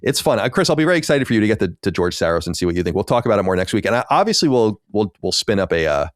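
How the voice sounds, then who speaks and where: A man's voice: on the low side, big pitch swings, rapid-fire, dry recording, studio quality. A man co-hosting a podcast, chatting casually and rambling, with many restarts and fillers. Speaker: podcast co-host. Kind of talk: casual chat.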